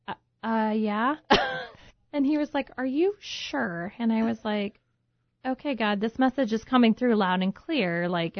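A woman's voice: on the high side, no echo. A woman guest in an interview telling a personal story and acting out what she thought and said back then. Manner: lively storyteller who acts out her own past thoughts. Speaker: guest, home baker turned business owner. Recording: dull, muffled lo-fi sound, dry.

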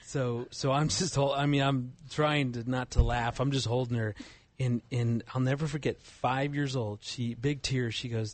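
A man's voice: mid-range voice, steady tone, normal speed, dry recording. A man telling a family story and talking about love on a talk show, often laughing as he speaks. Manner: laughs while telling stories. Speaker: guest author. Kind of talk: casual storytelling chat.

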